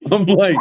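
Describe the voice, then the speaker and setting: A man's voice: no room sound, narrow, tinny audio. A man telling a profane, boastful story in casual chat, often laughing and acting out both sides of an argument. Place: home, in Oregon.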